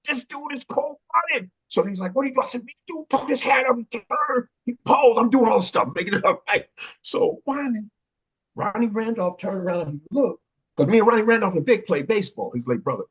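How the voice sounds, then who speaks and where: An older man tells a story in a high, husky voice. His pitch swings wide as he acts out every voice in it, with plenty of street slang and mounting excitement. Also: brisk. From Oakland, California. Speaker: panel guest, dance pioneer. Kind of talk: animated storytelling in a panel conversation.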